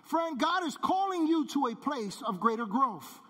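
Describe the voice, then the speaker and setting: A man preaching a sermon as pastor, emphatic and repetitive, dropping low on key words. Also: big pitch swings, moderate pace, bright, forceful tone. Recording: long hall reverb.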